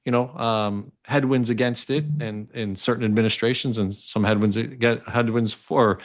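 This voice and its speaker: A man's voice: mid-range voice, steady tone, moderate pace. A man hosting an interview, asking long, rambling questions with many restarts and fillers. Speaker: interview host.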